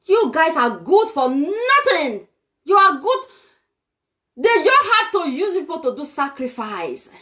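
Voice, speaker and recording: A woman's voice: very high voice, sing-song, a little slow, pushed and bright. A young Nigerian woman with a Nigerian accent, delivering a heated, scolding vlog rant full of exclamations. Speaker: vlogger. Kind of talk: ranting vlog monologue.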